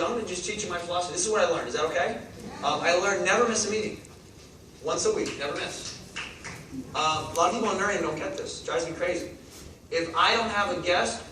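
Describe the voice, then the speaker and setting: In a large, very echoey meeting hall, an energetic network marketing speaker in his thirties delivers a motivational talk to a live audience. He fires off points rapidly and asks the crowd questions, his fairly high voice heard from a distance over steady background noise.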